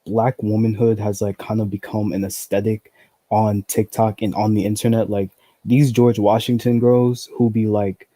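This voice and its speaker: A man's voice: lowish voice, flat delivery, moderate pace, dark tone, dry recording. A young man in casual group discussion, blunt and profane, peppering his talk with "like". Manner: blunt, profane, heavy use of "like" fillers.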